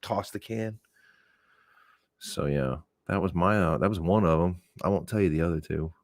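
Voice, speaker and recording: An Oklahoma man hosts a podcast, telling his own stories to a live audience in a loose, animated, profane way, his pitch leaping up when he acts out what people said. He talks a little fast, with no room sound.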